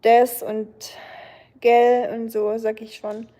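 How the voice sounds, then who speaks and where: Chatty German woman streamer, mellow. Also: fairly high pitch, level tone, takes it slowly. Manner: chatty and rambling, with lots of fillers. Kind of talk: casual chat with viewers while gaming.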